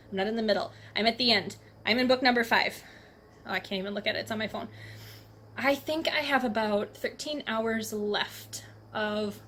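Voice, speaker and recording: A woman's voice: a little high, a bit bright, a little hiss or hum. A young adult woman chatting casually and enthusiastically about books she has read, laughing often. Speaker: book reviewer. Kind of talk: casual book review vlog.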